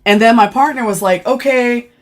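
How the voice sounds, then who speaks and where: A woman's voice: medium pitch, measured pace. Woman animatedly telling a work story. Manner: animated, profane, laughing and dramatizing; chatty with many fillers. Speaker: former corrections officer. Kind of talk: casual livestream storytelling.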